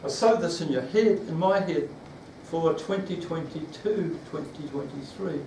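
NZ male preacher, fairly high voice, rambling sermon delivery, recorded far off in an echoey room. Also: measured pace, vocal fry, a little mellow, a little hiss or hum. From New Zealand. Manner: rambling, with restarts and questions to the congregation.

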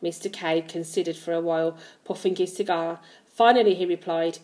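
A woman's voice: lowish voice, brisk. Woman reading a children's story. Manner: lively storytelling. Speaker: reader. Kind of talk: reading a children's book aloud.

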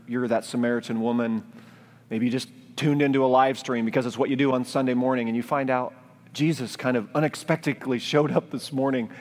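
A man preaching a sermon as pastor, speaking in a gentle, reflective, pleading way. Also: mid-range voice. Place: church sanctuary, live-streamed. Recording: long church-hall reverb.

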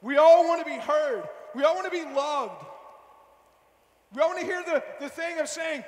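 A man giving a fervent, loud youth sermon, slangy and direct with his listeners. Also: very high-pitched, lively intonation, normal speed. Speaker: youth speaker. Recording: echoey hall with long reverb.

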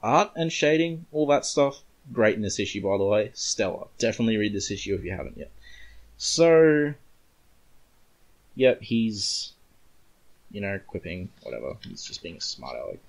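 A man's voice: on the low side, big pitch swings, normal speed, gravelly. An Australian-accented man hosting a podcast, recapping a comic book in a rambling way with joking asides. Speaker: podcast host.

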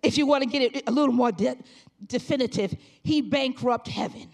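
A woman pastor preaching a sermon, shouting phrases in call and response and at times dropping to a low, quick, intimate voice. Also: creaky.

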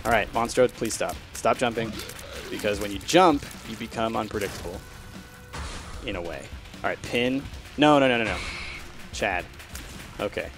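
A man giving live commentary over his own gameplay, chatty and prone to swearing, shifting from hushed focus to loud frustration. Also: lowish voice, moderate pace, long pauses, music in the background.

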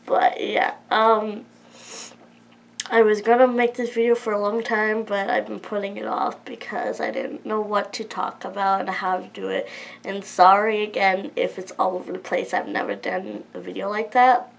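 A woman's voice: medium pitch, normal speed, gravelly, rough recording. A woman of twenty, emotional and close to tears, talking hesitantly and apologetically at home in a personal confessional vlog. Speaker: vlogger.

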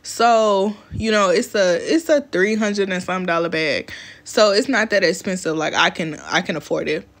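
A young woman talks straight to her viewers in a loose storytime chat. Her delivery is blunt and profane, and she keeps breaking into laughter as she goes. Her voice sits at a middling pitch for a woman. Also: moderate pace. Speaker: vlogger. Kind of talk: casual storytime chat to camera.

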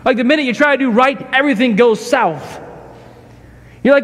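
A man preaching a sermon as pastor, emphatic, swinging from shouts to hushed, quiet lines. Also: very high-pitched, normal speed, long reverb tail. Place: church sanctuary.

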